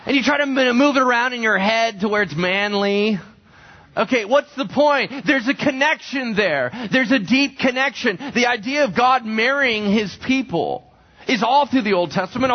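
A man preaching a sermon as a pastor, talking conversationally and asking the congregation questions. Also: high voice. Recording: dull lo-fi recording.

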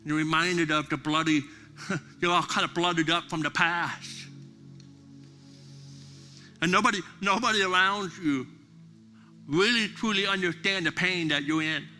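A middle-aged male pastor preaching a sermon, impassioned at times and soft and prayerful at others. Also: a little high, normal speed, soft background music.

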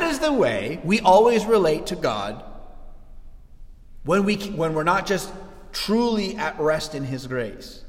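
A man preaching a sermon, animated, dropping low and then rising to shouts. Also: slow, long reverb tail. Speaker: pastor.

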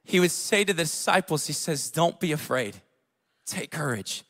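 Male pastor, thirties, high-pitched voice, casual conversational sermon that moves between quiet and loud. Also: animated, moderate pace. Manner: casual storytelling with fillers, swinging between hushed and loud.

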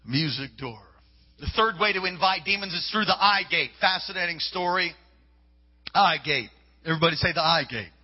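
High-voiced man preaching in an echoey hall. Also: expressive, normal speed. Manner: emphatic, repetitive preaching. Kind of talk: live sermon. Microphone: stage microphone with monitor. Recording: echoey hall, dull lo-fi sound.

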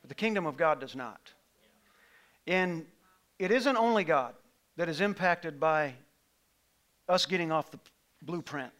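Bright, high-voiced, impassioned male pastor. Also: expressive, unhurried, pauses often. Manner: impassioned, building to near-shouts. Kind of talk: sermon. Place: church sanctuary with live congregation.

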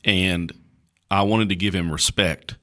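Deep-voiced man telling stories. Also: measured pace. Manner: storytelling, folksy and animated, with many fillers and restarts. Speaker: pastor. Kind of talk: casual podcast conversation.

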